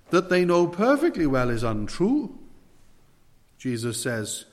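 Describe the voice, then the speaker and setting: Male preacher, lively sermon delivery with wide pitch swings, long hall reverb. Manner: emphatic, slows down to stress key phrases.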